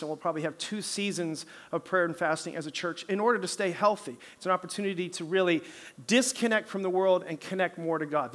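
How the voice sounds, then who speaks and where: A man pastor delivering a sermon in a lively storytelling manner, pausing to ask for amens. His voice sits high for a man and rings bright and forward. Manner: animated storytelling, calls for amens.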